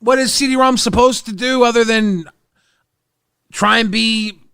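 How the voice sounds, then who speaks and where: A man with a high, bright, gravelly voice, working through events hesitantly and out loud. The recording is dry and close. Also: steady tone, a little slow, dry recording. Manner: hesitant, reasoning aloud. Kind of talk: casual chat.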